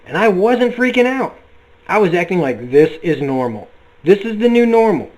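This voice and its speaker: A profane, worn-out middle-aged man pours out his grief and self-loathing, read aloud by a man reviewing a comic book. He sounds weary and bitter, with a slightly raised pitch. The delivery stays close to an everyday speaking voice. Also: big pitch swings, moderate pace, a little mellow, poor audio.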